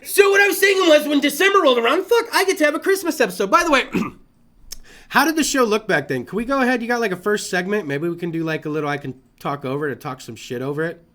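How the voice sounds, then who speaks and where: A man hosting a casual late-night talk show, loud and profane, swinging between yelling and muttering. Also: high voice, animated, quick pace. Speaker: host.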